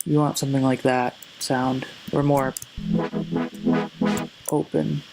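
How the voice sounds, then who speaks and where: A man giving a casual music production tutorial, relaxed and hesitant, often correcting himself as he goes. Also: mid-range voice, slow, gravelly, low-quality recording. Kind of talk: casual screen-recorded tutorial. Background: faint synth sounds.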